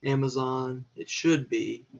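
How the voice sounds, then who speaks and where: A man with a Southern accent speaks slowly and evenly, with little lift in his voice. He sounds hesitant and low-key as a podcast guest. His voice comes through a dull, lo-fi line. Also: fairly even intonation, vocal fry, a crowd in the background. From North Carolina, US. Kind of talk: casual chat.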